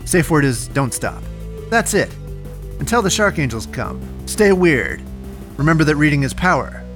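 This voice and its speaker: A man in the host's chair runs through the closing plugs with a straight face. His voice sits slightly high for a man. A faint music bed plays beneath him. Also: normal speed. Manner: deadpan joking delivery. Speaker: podcast host. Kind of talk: podcast outro read.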